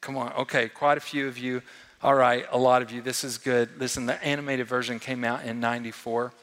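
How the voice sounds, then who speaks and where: Bright-voiced preacher in a reverberant hall. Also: male voice, mid-range voice, level tone, a little fast. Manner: preaching with big swings between loud and hushed; asks the congregation questions. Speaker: pastor. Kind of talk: sermon.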